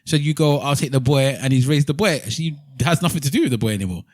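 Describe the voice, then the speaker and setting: Brisk, slightly higher-voiced man arguing his point. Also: expressive, darkish tone, no room sound, studio quality. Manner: argumentative, repeats words while searching for them. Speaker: podcast co-host. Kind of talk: casual podcast chat.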